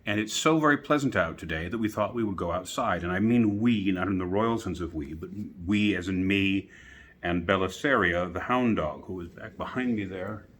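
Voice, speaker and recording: Male storyteller, low voice, relaxed bedtime reading with chatty asides, recorded outdoors. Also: moderate pace.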